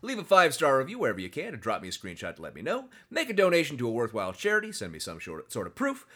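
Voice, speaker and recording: A man's voice: medium pitch, huge pitch swings, racing, few pauses, sharp tone. A man hosting a podcast, talking in a sarcastic, jokey way. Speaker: podcast host. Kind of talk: casual podcast chat.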